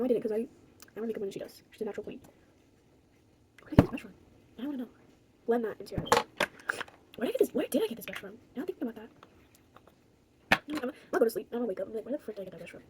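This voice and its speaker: A woman's voice: a little high, animated, racing, long pauses, heavy background noise. A woman chatting casually through a makeup tutorial, rambling and joking to herself. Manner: rambling, talks to herself, jokey. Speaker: beauty vlogger.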